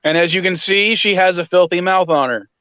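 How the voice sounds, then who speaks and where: High-voiced man telling dry anecdotes. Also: brisk, sharp tone, smooth, no echo, low-quality recording. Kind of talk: casual chat.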